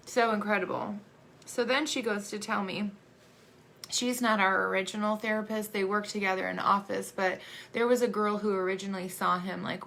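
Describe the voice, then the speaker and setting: A woman in her thirties, an adoptive mother, tells her family's story in a halting, emotional way, with many fillers and restarts. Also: mid-range voice, vocal fry, fairly bright tone. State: emotional, choking up. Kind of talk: personal storytelling monologue.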